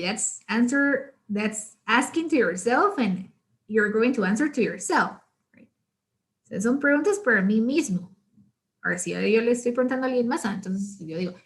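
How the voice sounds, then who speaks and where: A woman's voice: mid-range voice, lively intonation, normal speed. A young woman with a Guatemalan Spanish accent teaching an online English grammar class, mixing English and Spanish and often checking in with "right?". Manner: switches between English and Spanish, frequent "right?".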